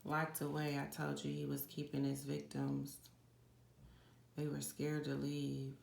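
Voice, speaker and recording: A woman's voice: deep voice, a little slow, creaky. A woman giving a psychic card reading, chatting casually and directly to her viewers. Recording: echoey room with steady background noise.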